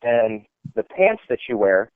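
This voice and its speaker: A man's voice: medium pitch, big pitch swings, a little slow, smooth, dry recording. A man, an army veteran, telling stories in a casual, rambling way full of "like" and "you know". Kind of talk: casual storytelling. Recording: tinny phone-like dry sound.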